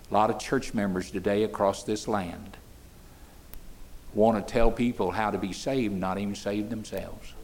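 An older man, preaching a sermon in a folksy way that builds to fervent emphasis. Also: on the low side. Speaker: pastor.

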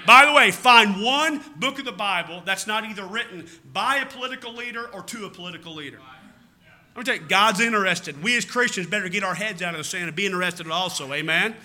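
A man's voice: high-pitched, animated, quick pace, sharp tone. A man with a Southern American accent preaching a sermon in a folksy, rambling way, often calling out "amen?" to his church. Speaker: pastor.

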